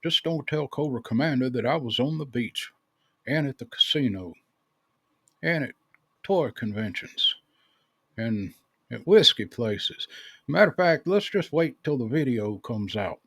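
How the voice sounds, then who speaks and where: A man hosting a parody news show in a deliberate announcer manner. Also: medium pitch, expressive, fairly bright tone, breathy edge, no echo. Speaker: news anchor host.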